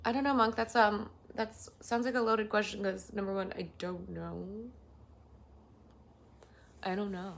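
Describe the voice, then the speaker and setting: A woman hosting a casual livestream, reading out and answering viewer messages in a bubbly, excitable way. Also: medium pitch, unhurried, gravelly, pauses often, slight background noise. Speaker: livestream host and voice actor.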